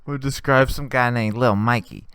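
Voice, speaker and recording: A man's voice: medium pitch, moderate pace, a bit bright, a little hiss or hum. A young man hosting a comedy video, telling a rambling, sarcastic story about a former job. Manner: rambling, sarcastic, laughing at his own jokes. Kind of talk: comedic monologue.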